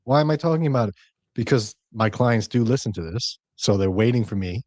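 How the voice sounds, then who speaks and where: A man hosting a podcast as an investment advisor, chatting casually with jokes and quick asides. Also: medium pitch, animated, a little mellow, no echo. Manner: jokey, talkative, rapid asides.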